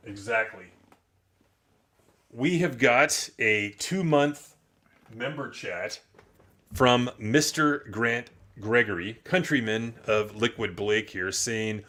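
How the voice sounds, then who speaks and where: A man's voice: medium pitch, slow, bright, forceful tone. A man hosting a loose, opinionated live-stream chat, swearing casually. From United States. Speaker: podcast host.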